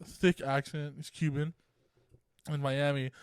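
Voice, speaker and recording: A young man tells a rambling story on a casual podcast, swearing freely and breaking into laughs. His voice sits high for a man, and the sound is dry and close with no room echo. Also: flat delivery, measured pace, clean tone. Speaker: podcast co-host.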